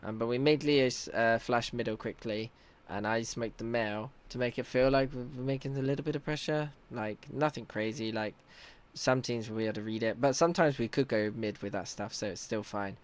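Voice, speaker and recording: A man's voice: mid-range voice, moderate pace. A young man, a team captain, giving chatty, analytical commentary over match footage and teasing himself now and then. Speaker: team captain and in-game leader.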